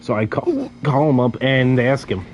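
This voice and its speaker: A man's voice: mid-range voice, big pitch swings, normal speed, darkish tone, highs cut off, slight background noise. Stuttering young man telling a story. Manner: stutters and repeats sounds; laughs while telling. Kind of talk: casual storytelling while gaming.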